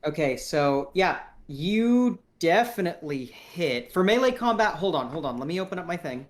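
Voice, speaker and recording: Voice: mid-range voice, lively intonation, moderate pace, hardly any pauses. A game master running a tabletop combat in a casual, rambling way, reading rules aloud and narrating moves.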